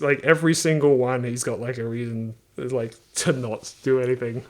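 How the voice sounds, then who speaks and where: A man's voice: medium pitch, normal speed. A young man, the channel host, chatting casually and rambling with lots of fillers. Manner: rambling, animated, many fillers. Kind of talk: casual chat.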